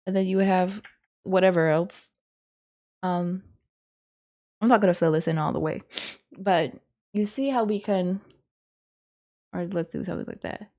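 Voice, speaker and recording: A woman's voice: lowish voice, moderate pace, pauses often, dark tone. A woman teaching a casual lesson, thinking aloud in a rambling, hesitant way with frequent ums and self-corrections. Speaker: course instructor.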